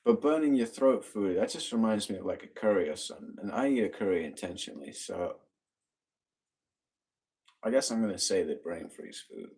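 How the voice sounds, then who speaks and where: A man's voice: on the low side, lively intonation, normal speed, darkish tone. A man co-hosting a casual live stream from a home bar, reading out viewer comments and laughing often. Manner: upbeat, laughs often, talks to his dogs.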